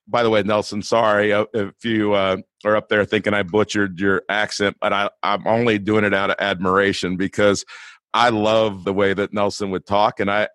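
A man's voice: on the low side, a bit bright, dry recording. A man hosting a podcast in a casual, earnest and enthusiastic way. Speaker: podcast host.

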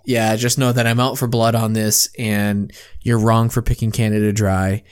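A man's voice: lowish voice, flat delivery, moderate pace, smooth. A young man co-hosting a podcast, teasing his co-host with joking mock outrage in casual chat.

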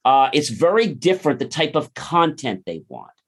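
A man's voice: a little high, normal speed, husky. A man, a podcast guest, talking casually and acting out the people in his stories. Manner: animated, acts out quoted dialogue. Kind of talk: conversational interview storytelling.

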